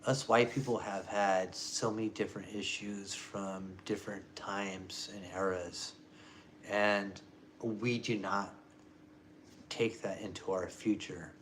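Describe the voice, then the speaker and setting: A man ranting in a rambling, low-key, muttering monologue. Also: fairly even intonation, slow, a little hiss or hum. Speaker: vlogger.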